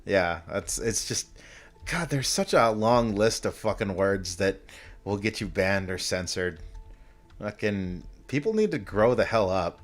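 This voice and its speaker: A man's voice: on the low side, animated, measured pace, soft background music. A man casually commenting while playing a game, rambling, swearing and amusing himself with his own jokes. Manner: rambling, profane, self-amused. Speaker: game streamer.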